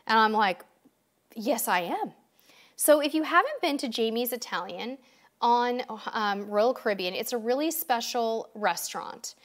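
A woman's voice: fairly high pitch, animated, measured pace. A woman hosting a live-stream quiz, chatting upbeat and directly to her viewers, a bit tired. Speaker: livestream host. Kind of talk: casual live-stream chat.

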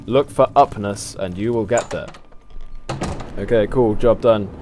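A young man gives a rambling running commentary over a video game. He swears freely, laughs at himself, and drifts between thoughts. His voice rises and falls with lively pitch. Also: a little hiss or hum. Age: young adult. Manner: rambling, swearing, self-mocking, laughs often. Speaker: gaming channel host. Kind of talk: casual let's play commentary.

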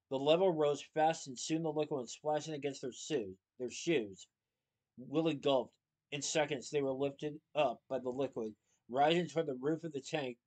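A man reading a children's novel aloud with steady, expressive narration. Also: mid-range voice, low-quality recording. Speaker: storybook reader.

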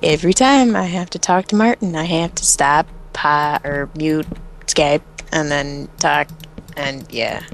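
A woman chats along while co-playing a game, easygoing and quick with a playful quip. Her voice sits on the low side, coming over a voice-call mic with faint noise beneath it. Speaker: co-player. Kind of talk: casual gaming chat.

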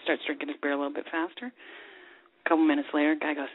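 A woman's voice: low voice, level tone, fast talker, no room sound. A woman co-hosting a casual call-in radio chat, telling a joke and laughing at herself. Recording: tinny phone-line sound.

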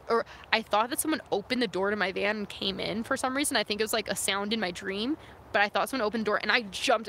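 Answering live chat comments in a rambling, casual way, the young woman vlogger fills her speech with "um" and "like." Her tone is sharp and her pitch medium. Recorded on a phone camera outside in the wilderness near her van, the audio carries a little hiss or hum.

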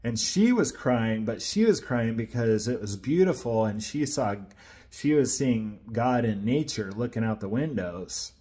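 Man, personal testimony, casual storytelling, earnest, rambling, medium pitch. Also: expressive, a little slow, dark tone. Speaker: sharer of a personal faith testimony.

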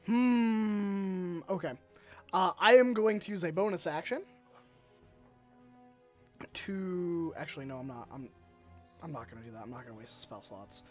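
A man taking his turn in a live-streamed tabletop game, talking through his options and often correcting himself as he goes. His voice sits fairly high for a man, and the recording comes through a dull, lo-fi mic. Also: a little slow, long pauses, faint music behind. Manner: thinks aloud, second-guesses himself mid-sentence. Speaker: player.

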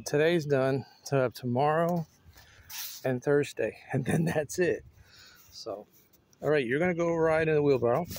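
A chatty man talks into his phone while working outdoors in a yard. His voice sits a little high and he rambles and laughs often. A light background hiss stays under him. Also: darkish tone. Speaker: vlogger. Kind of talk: casual chat to viewers. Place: outdoors in a neighborhood yard, windy. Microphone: phone camera.

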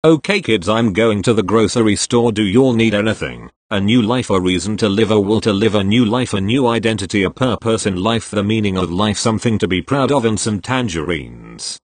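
Male creator, low-pitched, bouncy delivery, goofy self-mocking comic read, dry close sound. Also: expressive, brisk, hardly any pauses, no room sound. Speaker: video creator. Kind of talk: comic narration reading made-up posts.

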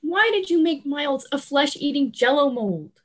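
A woman's voice: high-pitched, lively intonation, moderate pace, a bit bright. A young woman playing a sarcastic teenage girl on an adventure, speaking dryly. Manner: dry, sarcastic. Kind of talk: stage play acting.

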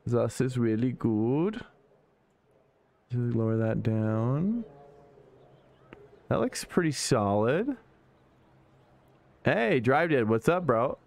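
A man's voice: medium pitch, expressive, takes it slowly, creaky, long pauses, darkish tone. A man streaming sim racing, chatting casually and thinking aloud as he talks to his viewers.

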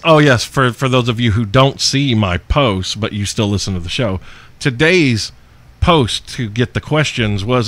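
A man hosting his own podcast, reading listener questions in a brash, profane, boastful way, with loud outbursts and laughs. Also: mid-range voice, a little slow, no echo. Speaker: podcast host.

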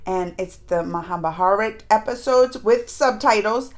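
A woman hosting a review channel, recapping episodes to viewers in a chatty, animated way and acting out characters' lines. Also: medium pitch, unhurried. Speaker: reaction and review channel host. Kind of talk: casual recap chat to viewers.

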